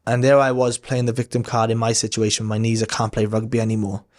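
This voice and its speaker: A man's voice: fairly low pitch, completely flat delivery, fast talker. A man, a podcast guest telling a story in a candid, rambling way, with casual swearing and lots of fillers. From Wales.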